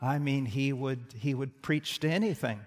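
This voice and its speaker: A man in his sixties preaching a sermon, moving between forceful emphasis and hushed tones and repeating his key phrases. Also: mid-range voice, normal speed. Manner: dramatic swings from loud emphasis to hushed tones. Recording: long hall reverb.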